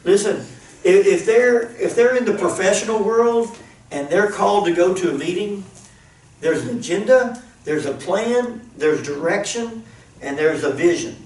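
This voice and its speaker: Pastor guy talking earnest and casual, bit high voice, far off mic, roomy echo. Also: normal speed, darkish tone. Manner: earnest, repeats himself as he thinks. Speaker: pastor leading a planning discussion. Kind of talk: casual teaching talk. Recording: roomy, distant mic, faint noise.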